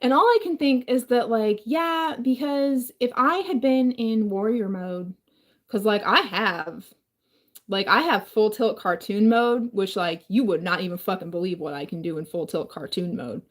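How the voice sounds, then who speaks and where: A woman's voice: medium pitch, moderate pace. A woman talking casually in a rambling home vlog from her kitchen, her voice changed by a throat injury, full of fillers and swearing. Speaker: vlogger.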